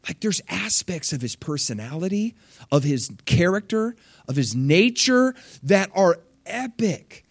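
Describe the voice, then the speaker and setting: Animated young man preaching a sermon. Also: measured pace, gravelly, no echo, studio quality. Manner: animated, conversational, acts out quotes with big pitch leaps.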